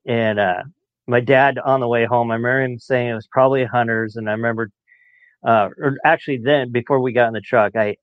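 A man in his late forties telling stories as a podcast guest, chatty and quick to laugh. His voice sits mid-range. The recording sounds a bit muffled and dry. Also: mid-range voice, steady tone, no echo. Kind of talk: casual storytelling.

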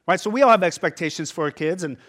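Conversational pastor preaching a sermon. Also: male voice, a little high, expressive, fast, fairly bright tone. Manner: conversational, emphatic, asks the listeners "right?".

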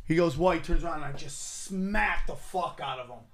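A man's voice: on the high side, brisk. A man hosting a podcast, telling stories in casual chat. He swears freely and acts out what people said. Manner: animated, profane, acts out quotes.

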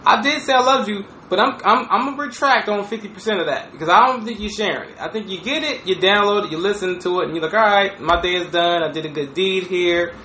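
A man hosting a podcast, talking in casual crude banter, animated and profane, laughing often. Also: high-pitched, quick pace, few pauses. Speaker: podcast host. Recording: echoey room with faint noise.

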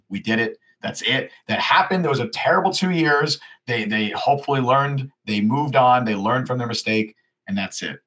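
A man's voice: medium pitch, expressive, moderate pace, a bit bright, slightly rough. A man co-hosting a casual sports podcast who rants heatedly and often restarts his sentences. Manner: heated ranting with frequent restarts. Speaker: podcast co-host.

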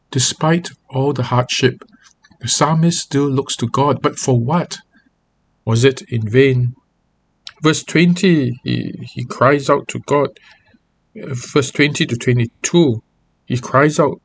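A man's voice: medium pitch, unhurried. A man giving a devotional talk as a pastor, earnest and reading scripture aloud with feeling. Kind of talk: devotional Bible teaching.

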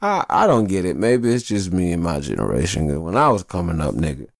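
A man hosting a podcast alone, talking in a casual, rambling and profane monologue, telling stories in an animated way. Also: sits low, fairly quick, vocal fry, no room sound, studio quality. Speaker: podcast host.

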